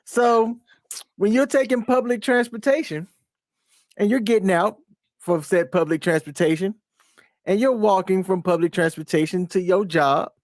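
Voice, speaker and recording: A man's voice: high-pitched, moderate pace, dry recording, clean studio sound. A man, co-hosting a casual reaction chat in a laid-back, teasing way. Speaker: co-host.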